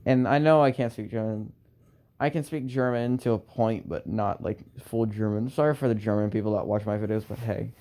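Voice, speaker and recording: A young man improvising a fan story aloud, halting and restarting with lots of fillers and sighs. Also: fairly low pitch, warm tone.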